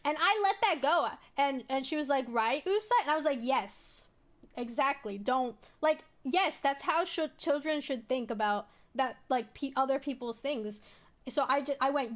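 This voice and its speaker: A young woman streamer telling a personal story in a rambling, casual way, full of fillers and restarts. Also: high voice. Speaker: VTuber streamer.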